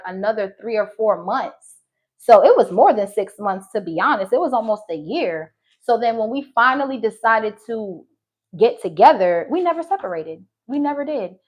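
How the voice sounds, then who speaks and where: A young woman telling a personal story in casual, profane talk, acting out the quoted dialogue as she goes. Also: medium pitch. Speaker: tarot reader.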